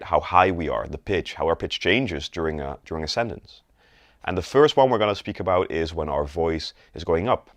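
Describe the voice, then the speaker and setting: Recorded close and dry with no room sound, a very low-voiced man coaches sales in an instructional video. His examples show rising, flat and falling tones.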